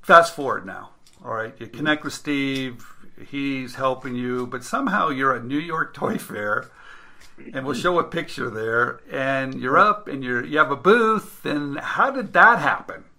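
A man's voice: mid-range voice, lively intonation, unhurried, vocal fry, sharp tone. A man hosting a casual interview, telling stories and acting out the dialogue in them. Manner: storytelling, acts out quoted dialogue. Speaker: interview host, inventor.

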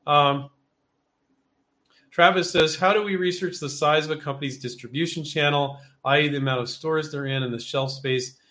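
A man with a slightly raised pitch hosts a live viewer Q&A. He talks loosely and off the cuff, with plenty of ums and false starts. Now and then he drops into little acted-out quotes of himself and others. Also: fairly even intonation, moderate pace, pushed and bright. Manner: loose and chatty, acts out quotes, many fillers. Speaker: host answering viewer questions. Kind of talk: casual live Q&A.

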